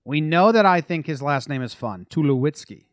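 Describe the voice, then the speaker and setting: A man co-hosting a sports podcast in a loose, jokey way. He talks in a fairly high voice that sometimes sinks to a mumble, close to a dry mic. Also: normal speed, no room sound. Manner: jokey, animated, drops to mumbles. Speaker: podcast co-host. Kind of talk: casual sports podcast chat.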